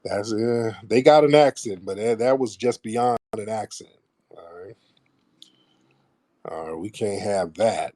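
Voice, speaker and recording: A man's voice: fairly low pitch, measured pace, pauses often, mellow, no room sound. A middle-aged man hosting a radio show, talking bluntly and profanely to his listeners in a casual monologue. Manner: mocks others in put-on voices.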